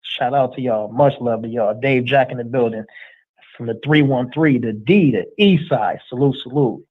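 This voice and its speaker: A man hosting a livestream in a casual chat, reading out viewer shout-outs in relaxed street slang. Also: medium pitch, normal speed. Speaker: livestream host. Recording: tinny phone-like sound.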